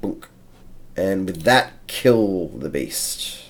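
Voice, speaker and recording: A man's voice: deep voice, takes it slowly, a little mellow, slight background noise. A man running a tabletop game as game master, narrating the action and counting out moves step by step.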